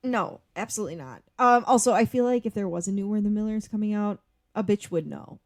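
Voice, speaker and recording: A woman's voice: medium pitch, brisk, darkish tone, no room sound, clean studio sound. Chatty, swearing woman co-host. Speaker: podcast co-host. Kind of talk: casual chat.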